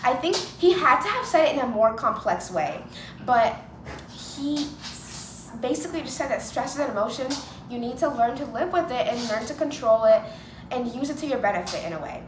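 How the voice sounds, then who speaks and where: A woman's voice: sits high, animated, moderate pace. A young woman vlogger telling personal stories in a casual, chatty way, full of "like", and acting out what people said. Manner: chatty, lots of "like", acts out quoted voices. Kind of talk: casual storytelling to camera. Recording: echoey room with clear ambient noise.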